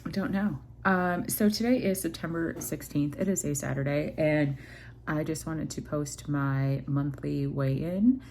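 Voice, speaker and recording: Young woman, very low voice, casual vlog chat, rambling with fillers, camera mic at home, faint noise. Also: a little slow, vocal fry, darkish tone. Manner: rambling, many fillers and restarts. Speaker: vlogger.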